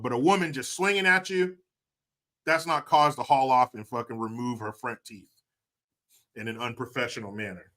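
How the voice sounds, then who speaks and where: In his commentary video, a man airs strong opinions with profane mockery, shifting back and forth between booming outbursts and low grumbles under his breath.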